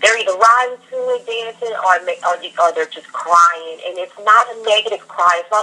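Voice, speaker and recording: A woman singer in a casual interview, talking in an upbeat, heartfelt way and telling lively stories. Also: mid-range voice, normal speed, low-quality recording.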